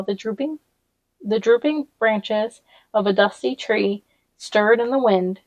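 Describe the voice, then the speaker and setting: A woman reading a novel aloud in a steady storytelling manner, with small slips and brief asides. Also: mid-range voice, rough recording. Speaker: reader.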